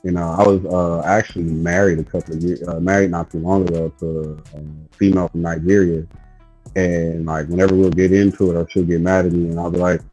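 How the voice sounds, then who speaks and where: A man hosting a podcast in relaxed casual chat, rambling and saying "you know" a lot. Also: sits low, fairly quick, faint music behind, rough recording. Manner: laid-back, rambling, with lots of "you know". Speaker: podcast host.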